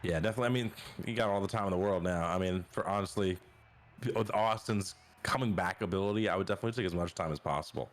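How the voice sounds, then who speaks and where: A man giving quick, relaxed color commentary on a simulated football game during a live stream. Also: sits low. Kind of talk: esports sim football commentary.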